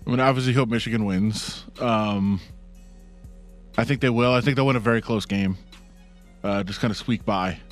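A man talking casually about sports as a guest, hesitant and relaxed with many fillers. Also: on the low side, moderate pace, long pauses, soft background music.

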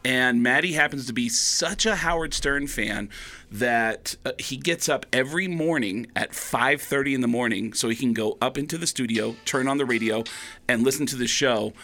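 A man, a stand-up comedian, telling a long anecdote in conversation and lively acting out the voices of the people he quotes. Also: normal speed. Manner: animated, acts out quoted voices with big pitch jumps.

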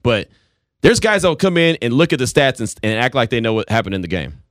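Lively storytelling male sports host. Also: mid-range voice, fast, dry recording, clean studio sound. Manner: animated storytelling, acts out voices. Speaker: sports talk show host. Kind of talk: casual sports talk.

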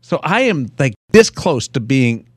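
A man's voice: medium pitch, very animated, measured pace, dry recording, studio quality. A man hosting a podcast, chatting casually in a jokey, rambling way with lots of fillers. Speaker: podcast host and interviewer. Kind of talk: casual chat.

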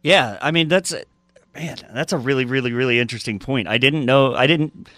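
A man co-hosting a casual sports podcast, rambling with restarts and quick reactions. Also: medium pitch, a bit bright, no room sound. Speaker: podcast co-host.

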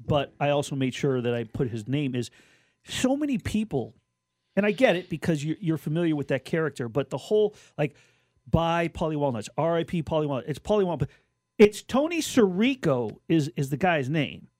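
A man with a slightly high voice co-hosts a casual sports radio show. He rambles and restarts his sentences as he goes. The sound is close and dry, with no room around it. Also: very animated, fairly quick, a little mellow, dry recording. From Southern Nevada. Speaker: radio co-host.

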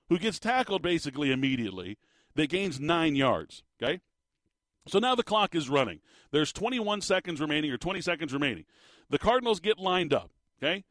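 Exasperated sports talk host, dry close mic. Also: male voice, a little high, fairly bright tone, no room sound. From Arizona. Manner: exasperated, emphatic, repeats words. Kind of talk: animated sports commentary rant.

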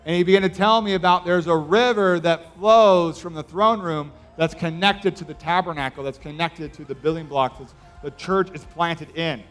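Higher-voiced man preaching casually. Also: normal speed, hardly any pauses, a bit bright, soft background music. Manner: casual, rambling, filler-heavy storytelling. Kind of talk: sermon with storytelling.

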